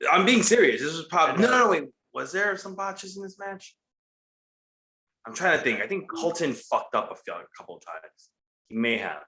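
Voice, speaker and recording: A man's voice: a little high, very animated, moderate pace, long pauses, sharp tone, reverberant. A man co-hosting a casual podcast, laid-back and dismissive, swearing now and then. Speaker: podcast co-host. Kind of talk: casual chat.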